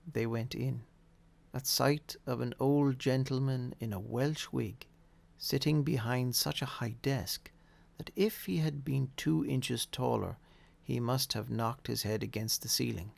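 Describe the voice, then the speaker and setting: A man reading a classic story aloud in a measured, expressive way. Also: medium pitch, vocal fry. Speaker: audiobook reader. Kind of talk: storybook narration.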